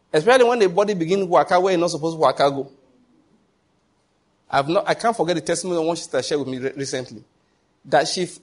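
Husky preacher, higher-pitched man. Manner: emphatic, rhetorical questions, frequent pidgin asides. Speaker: pastor. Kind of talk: sermon.

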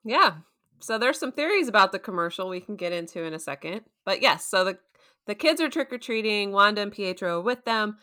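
A woman with a bright, clear tone talks through a show's plot in an easy, conversational way. She slips into quick little impressions of the characters as she goes, keeping the chat lively. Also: medium pitch. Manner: animated storytelling, acting out quotes with voice shifts. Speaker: podcast co-host recapping a TV episode. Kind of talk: casual chat.

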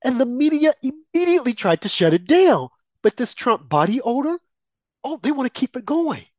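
A man's voice: very high voice, sing-song, moderate pace, a little mellow, dry recording. A male co-host delivering political talk commentary, indignant and full of rhetorical questions with mocking asides. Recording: dull lo-fi dry sound.

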